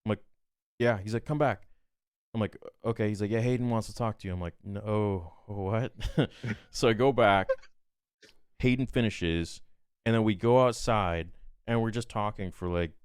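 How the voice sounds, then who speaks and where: Smooth-voiced man telling an animated story. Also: on the low side, dry recording, studio quality. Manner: animated, quotes himself and others in quick exchanges. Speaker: podcast guest, YouTuber. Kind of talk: casual storytelling.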